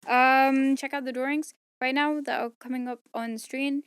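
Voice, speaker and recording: A woman rambles through her audiobook outtakes, tired and poking fun at herself. Her voice sits a little high and sounds strained from long recording. The sound is close and dry. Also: fairly even intonation, moderate pace, clear, resonant tone, no echo. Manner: rambling, self-mocking, tired. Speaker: audiobook narrator. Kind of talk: casual bloopers and outro chat.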